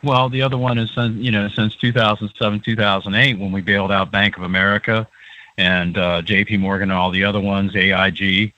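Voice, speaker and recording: A man's voice: on the low side, flat delivery, fairly quick, pushed and bright, no echo, dull audio. A man who is a guest on a radio talk show, explaining in a lecturing way and often checking in with "okay".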